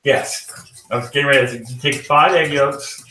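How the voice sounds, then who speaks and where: A man's voice: medium pitch, moderate pace, pushed and bright, roomy sound, recorded from a distance, a little hiss or hum, poor audio. A man from the American South with a General American accent, chatting casually while he cooks, his talk full of "like" and "you know". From North Carolina, raised partly in Georgia. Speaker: guest cook. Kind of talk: casual chat while cooking.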